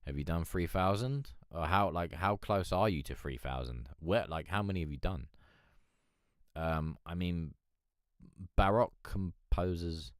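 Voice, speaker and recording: Deep man, droll Eeyore voice. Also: smooth, no echo, studio quality. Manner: chatty, swearing, laughing, reading chat aloud. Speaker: livestream host. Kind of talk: casual live-stream chat.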